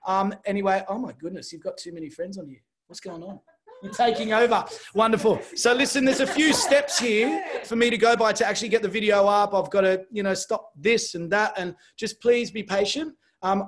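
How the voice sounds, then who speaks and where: Male host, high voice, casual livestream chat, jokes and fillers. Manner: chatty and joking, rambling with fillers.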